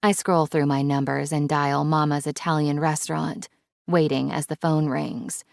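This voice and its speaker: A woman's voice: deep voice, level tone, normal speed, gravelly, dry recording, clean studio sound. A woman narrating a romance audiobook in first person, wry and conversational.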